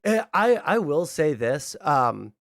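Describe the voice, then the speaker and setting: A man's voice: fairly high pitch, sing-song, creaky, no echo. Man, faint Southern accent, casual political chat, profane, dry close mic. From US Deep South. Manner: casual, profane, quick asides.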